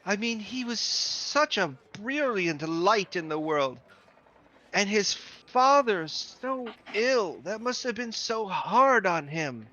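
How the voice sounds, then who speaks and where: Man playing a fluttery old townswoman clerk, high and drawn-out, forgetful, bright, a bit muffled. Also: expressive, a little hiss or hum, full character voice. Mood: mournful. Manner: slow, sighing, sing-song. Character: gray-haired old woman town hall clerk, doting and forgetful. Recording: dull lo-fi audio.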